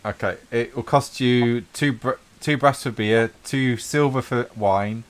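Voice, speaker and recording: A man's voice: medium pitch, measured pace. Man narrating as game master. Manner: descriptive, easygoing narration with fillers.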